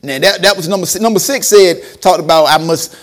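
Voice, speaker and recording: Animated preacher with a high voice. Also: male voice, a little fast. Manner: animated, acts out quotes, laughs often. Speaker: preacher and former school principal. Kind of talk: storytelling sermon.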